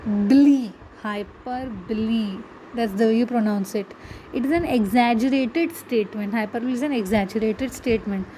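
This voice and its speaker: A woman's voice: a little high, a little fast, warm tone, slight background noise, low-quality recording. A woman teaching a grammar lesson, patiently explaining and asking her students rhetorical questions. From India. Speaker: English teacher.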